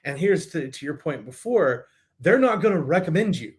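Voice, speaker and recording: Man, interview guest, slightly raised pitch, animated storyteller with restarts. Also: moderate pace. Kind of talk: casual interview chat.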